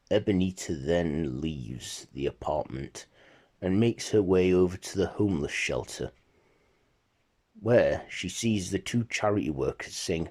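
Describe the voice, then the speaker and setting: A man narrating a retold holiday ghost story in a plain, relaxed storytelling manner. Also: low-pitched, a little slow, slightly rough.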